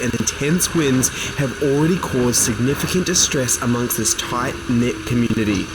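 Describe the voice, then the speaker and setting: A man's voice: medium pitch, noisy background, pitched above the performer's own voice, natural voice. A man doing an Australian TV reporter. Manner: earnest, theatrical newscaster delivery. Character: young male TV news reporter with an Australian accent. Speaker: news reporter.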